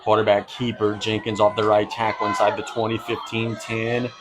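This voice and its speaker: A man calling play-by-play for a high school football game, brisk and easygoing, chuckling now and then. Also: completely flat delivery, noisy background. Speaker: play-by-play announcer.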